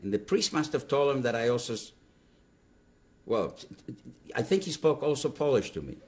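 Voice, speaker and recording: An older man, a Holocaust survivor, recounting his memories to an interviewer in emphatic, animated storytelling. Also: medium pitch, moderate pace. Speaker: Holocaust survivor giving testimony.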